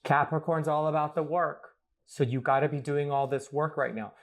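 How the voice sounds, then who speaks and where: A man's voice: on the high side, steady tone, moderate pace. A man, a guest astrologer, talking playfully in a rambling, casual podcast chat recorded at home. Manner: playful, rambling, laughs often.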